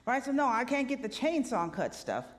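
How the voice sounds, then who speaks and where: A woman minister giving a lively, conversational sermon, often checking in with the congregation with a quick "right?". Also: fairly high pitch. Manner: animated, conversational preaching with rhetorical "right?" asides. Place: church sanctuary. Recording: long hall reverb.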